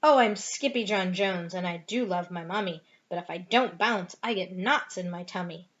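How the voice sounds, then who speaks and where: A woman's voice: moderate pace, lightly acted. A woman voicing a mischievous, bouncy kitten boy, exclaiming in a raised voice while reading a picture book aloud. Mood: excited. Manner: high, excited exclaiming. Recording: dull lo-fi home recording.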